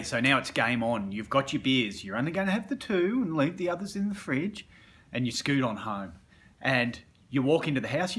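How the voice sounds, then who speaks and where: A man's voice: medium pitch, fairly bright tone. An Australian man coaching on self-improvement through colloquial, vivid storytelling, acting out scenes as he goes. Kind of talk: motivational storytelling.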